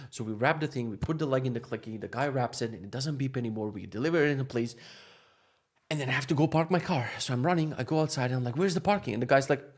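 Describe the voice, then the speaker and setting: A young man telling a travel mishap story in a casual rant, exasperated and swearing, with animated bursts of frustration. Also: mid-range voice, quick pace. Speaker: vlogger.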